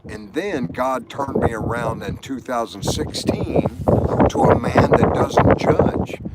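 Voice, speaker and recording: A man's voice: medium pitch, takes it slowly, very noisy. A man in his sixties from Florida hosting a livestream, chatting in a rambling, folksy, confessional way. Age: 60s. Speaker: livestream host. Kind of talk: casual livestream chat with viewers. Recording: livestream with loud background music. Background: loud music.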